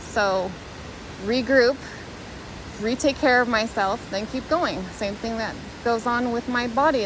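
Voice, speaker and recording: A woman's voice: on the high side, noisy background. A woman talking to the camera while walking a hiking trail outdoors, thinking aloud in an earnest, rambling, reflective way. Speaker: vlogger.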